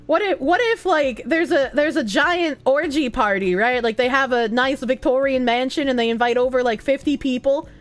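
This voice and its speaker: A young woman livestreaming, reading chat messages aloud, thanking donors and laughing often in a loose, animated way. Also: sits high, moderate pace, hardly any pauses, soft background music. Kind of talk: live stream chat reading.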